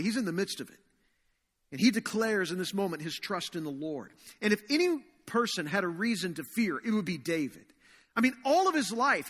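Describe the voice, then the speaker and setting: Man preaching, sharp bright tone, earnest, drawn-out emphasis, echoing church hall. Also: sits high. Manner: earnest, slows and stresses key phrases. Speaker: pastor. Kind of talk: sermon. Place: church sanctuary. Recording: long reverb of a large hall.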